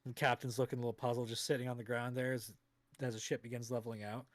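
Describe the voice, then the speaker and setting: A man's voice: medium pitch, little pitch movement, quick pace, no room sound. A man running a tabletop game on a live stream, narrating in a casual way. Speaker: game master.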